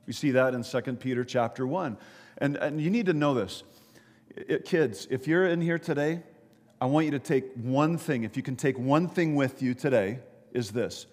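A man giving a sermon as pastor, talking to the congregation in a chatty way with repeated words and quick asides. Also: mid-range voice, a little mellow, long reverb tail. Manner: conversational preaching with repeated words and audience asides. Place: church sanctuary.

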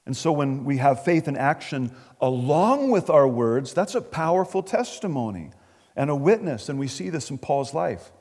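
A man's voice: mid-range voice, very animated, normal speed, darkish tone. Preacher guy going through scripture, earnest, doubles his words, long hall echo. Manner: earnest, repeats words when stressing a point. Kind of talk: expository sermon. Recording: long reverb of a large hall.

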